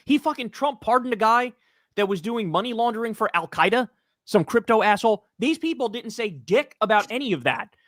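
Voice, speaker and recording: A man's voice: high-pitched, animated, a little fast, a bit bright, dry recording, studio quality. A man, a political commentator, ranting in a heated, profane, casual podcast chat.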